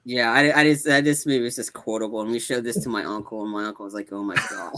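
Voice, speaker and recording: Animated laughing young man, bright voice. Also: mid-range voice, fast talker. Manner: animated, laughing, acting out quotes in exaggerated voices. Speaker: movie podcast co-host. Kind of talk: casual movie review chat.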